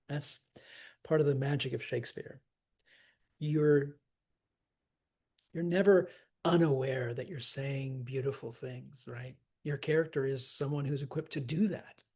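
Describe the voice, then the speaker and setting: Husky slow-talking acting teacher, man. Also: fairly high pitch, darkish tone. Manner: enthusiastic, chatty, laughs often, counts and taps out stresses. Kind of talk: scansion lesson.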